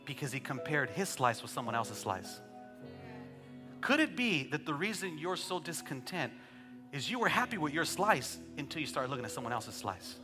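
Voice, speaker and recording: A man in his thirties preaching a sermon as pastor, telling joking family stories and building to shouted calls for praise. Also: on the high side, sing-song, moderate pace, long reverb tail, music in the background. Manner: joking asides, conversational storytelling.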